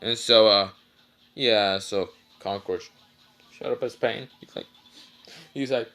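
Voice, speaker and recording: A man's voice: on the low side, steady tone, unhurried, pauses often, a bit bright, soft background music. A man casually telling a fan-fiction story, rambling and swearing with many fillers, tired after little sleep.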